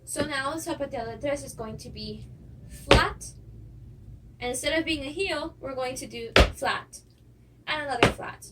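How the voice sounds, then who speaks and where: Counting each step out loud at a moderate pace, a dance teacher with a high, light young woman's voice leads her students through footwork, slipping in little laughs and fillers. She sounds far from the microphone, with constant noise audible underneath.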